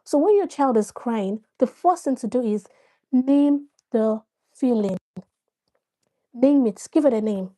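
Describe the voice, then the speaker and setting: A woman's voice: fairly high pitch, lively intonation, unhurried, warm tone. A woman hosting a live stream, chatting with viewers, greeting them by name and explaining her points through examples. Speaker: live-stream host giving parenting advice. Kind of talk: casual live-stream talk.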